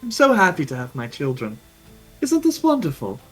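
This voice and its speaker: A man's voice: a little high, huge pitch swings, normal speed, breathy edge, soft background music, voice pushed up, exaggerated voice. A man voicing a falsely cheerful noble mother with a plastered smile, gushing in a sing-song way in a tabletop game.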